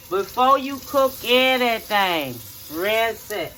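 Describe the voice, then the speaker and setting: A woman's voice: on the high side, lively intonation, slow, few pauses, fairly bright tone, slight background noise. A middle-aged woman in her home kitchen, showing how she cooks in a homey, repetitive way and checking in with "okay?". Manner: homey, repeats steps, checks in with 'okay?'. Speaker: home cook and channel host. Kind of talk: casual cooking demonstration.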